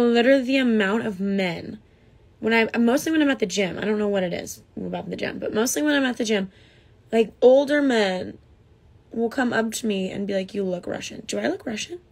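A woman's voice: fairly high pitch, brisk, darkish tone. A young woman from the United States chatting casually on a phone livestream, reading comments aloud and answering them.

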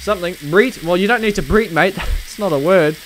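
A man giving excitable gameplay commentary with police role-play, shouting commands and laughing often. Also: high voice, a little fast, slight background noise. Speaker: gaming video host.

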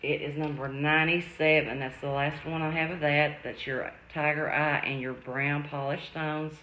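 A woman hosting a live jewelry sale, chatting warmly with viewers and calling them sweetie, love and darling. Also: sits low, fairly even intonation, moderate pace, a little hiss or hum. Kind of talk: live-stream selling chat. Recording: echoey room.

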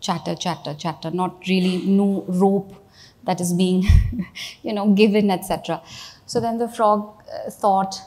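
A woman's voice: medium pitch, steady tone, measured pace, a little mellow. A middle-aged woman giving a keynote speech in a conversational, storytelling way, often saying "you know" and "right?". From India. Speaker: keynote speaker, CEO.

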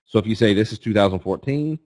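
Here a Kentucky-accented, middle-aged man from the eastern part of the state talks quickly in a lowish, slightly mellow voice with no room sound. Guesting on a trading webinar, he keeps things folksy and relaxed, tossing in "okay?" and "right?" to check on his audience.

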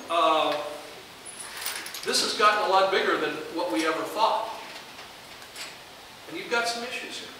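Older male alum, animated storyteller, higher voice, hissy distant recording in a roomy hall. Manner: animated anecdote-telling, acting out quoted dialogue. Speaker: alumnus speaker. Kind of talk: storytelling speech. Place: large room at a reunion event. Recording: echoey hall, distant mic, hiss.

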